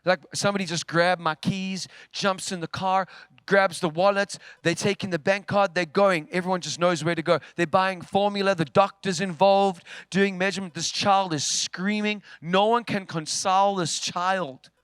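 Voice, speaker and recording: A male preacher with a high, bright voice tells a story from the pulpit. He swings between loud, forceful lines and near-whispers. The sound is close and dry. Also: steady tone, moderate pace, clear, resonant tone, no echo. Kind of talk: sermon storytelling. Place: church.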